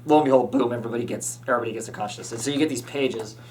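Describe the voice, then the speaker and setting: A man's voice: medium pitch, very fast, darkish tone. Rambling man recapping a comic. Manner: rambling, many fillers and restarts. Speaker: podcast host. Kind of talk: casual chat recapping a comic.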